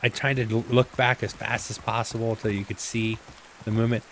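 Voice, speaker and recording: Fairly low in pitch, a bit bright and a little fast, this gameplay host keeps a level tone while chatting casually, mocking himself and rambling into a desk mic. There's a little hiss or hum.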